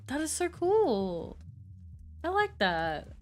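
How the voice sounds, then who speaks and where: A woman live-streaming a game, chatting in an excitable, self-mocking way. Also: fairly high pitch, unhurried.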